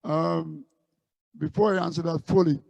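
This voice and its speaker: A man's voice: fairly high pitch, fairly even intonation, measured pace, creaky, darkish tone, no room sound, low-quality recording. A man from Guyana, a street musician recalling his busking days in a loose, rambling way. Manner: rambling anecdotes with many restarts. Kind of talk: casual storytelling interview.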